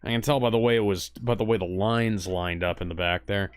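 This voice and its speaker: A man's voice: on the low side, a little fast, clean tone, no room sound. A man co-hosting a casual watch-along chat who talks bluntly and swears freely. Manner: blunt and profane. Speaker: co-host.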